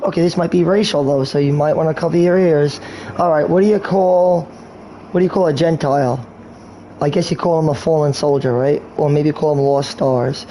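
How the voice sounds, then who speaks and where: Rambling man with a mellow voice. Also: fairly high pitch, a little hiss or hum, low-quality recording. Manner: rambling, meandering jokes, crude. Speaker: gaming streamer. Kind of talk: rambling gameplay commentary.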